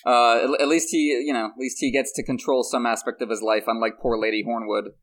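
Brief: male podcast co-host, quick delivery, middle pitch, chatty and analytical. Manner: fast, animated, restarts. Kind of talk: casual analytical chat.

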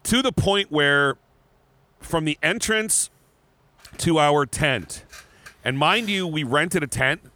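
A man co-hosting a podcast, telling a story in casual chat, animated and laughing, often restarting his words. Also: on the high side, takes it slowly, pauses often. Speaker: podcast co-host.

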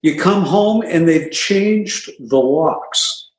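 Man, higher-pitched voice, casual storytelling, self-mocking humor, roomy echoing sound. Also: lively intonation, extremely slow. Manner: wry, self-mocking humor with frequent asides. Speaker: guest sharing his recovery story. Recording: echoey room.

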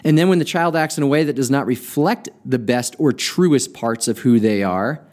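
Male podcast host, mid-pitched, earnest storyteller, slows down for emphasis. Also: darkish tone. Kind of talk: reflective podcast monologue.

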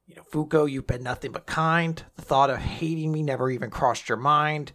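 A man voicing a remorseful male traitor who speaks in a low, subdued way while recounting a story. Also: steady tone, normal speed, a bit bright, lightly acted. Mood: solemn, regretful. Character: remorseful male traitor swordsman, self-sacrificing.

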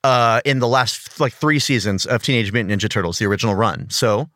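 A man's voice: mid-range voice, fairly quick, sharp tone, dry recording, studio quality. A man co-hosting a casual podcast, enthusiastic and giggly as he talks through trivia. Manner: enthusiastic, giggly nerdy banter. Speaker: podcast co-host.

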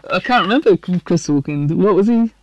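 A man in a casual chat, throwing in quick jokes and interjections. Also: high-pitched, lively intonation, highs cut off. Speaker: podcast guest.

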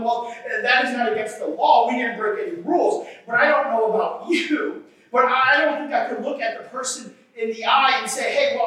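A man preaching in a chatty way, often asking his congregation "right?" and swinging between loud emphasis and quieter asides. His voice rings through a very echoey church hall. The mic sits well away from him, so he sounds distant. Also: extremely high pitch. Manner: conversational, keeps asking "right?". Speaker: pastor. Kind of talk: sermon.

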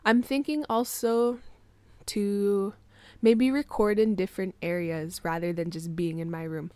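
A woman's voice: mid-range voice, fairly even intonation, unhurried, warm tone, smooth, no room sound. A woman hosting her own podcast from a small bedroom into a plugged-in mic, chatting casually and rambling with lots of "like", her morning voice a little groggy and congested. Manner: chatty, rambling, heavy use of "like". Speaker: podcast host. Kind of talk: casual solo podcast chat.

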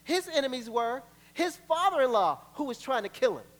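A man preaching a sermon as pastor, conversational and animated, joking with the congregation. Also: extremely high pitch, normal speed. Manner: animated, acts out quoted voices, laughs between points.

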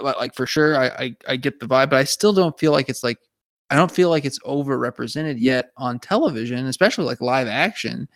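A man co-hosting a casual fan podcast, his voice sitting a little higher than most. He is animated and often restarts, repeating words while he thinks, recorded close and dry. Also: dry recording. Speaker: podcast co-host.

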